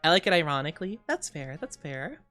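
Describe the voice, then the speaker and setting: A woman's voice: sits low, big pitch swings, a little fast, a bit bright, faint music behind. A woman in her twenties chatting casually on stream, rambling and giggling often, and playing around with silly voices. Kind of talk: casual chat.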